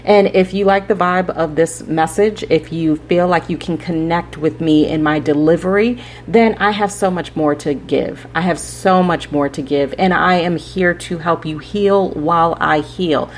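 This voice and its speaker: A woman's voice: lowish voice, measured pace, hardly any pauses, a little hiss or hum. A woman hosting a spiritual podcast, giving rambling, preachy advice straight to her listeners and often checking in with "right?". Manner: rambling, preachy, direct address with frequent "right?". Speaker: podcast host.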